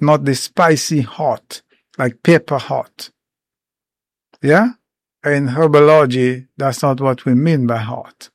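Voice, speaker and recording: Man, herbal educator, informal explanatory talk, slow pace, dry sound, pauses between points. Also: on the high side, dry recording. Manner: unhurried, explains step by step with many pauses.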